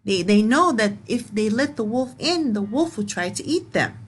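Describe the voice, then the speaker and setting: A woman teacher reading a picture book aloud to young learners, explaining words slowly and asking questions. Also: a little high, lively intonation, breathy edge. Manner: slow, repeats and explains words, asks questions.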